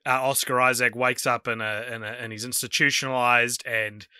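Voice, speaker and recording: A man's voice: medium pitch, little pitch movement, fairly quick, pushed and bright, clean tone, dry recording, clean studio sound. A man co-hosting a podcast, talking in a wry, rambling way with many fillers. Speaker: podcast co-host. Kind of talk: casual chat.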